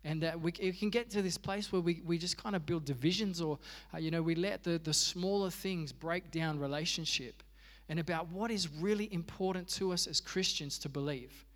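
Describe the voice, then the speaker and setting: A man's voice: on the high side, normal speed, hardly any pauses, long reverb tail. An Australian man preaching a sermon as pastor, telling stories with humor and animation. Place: church.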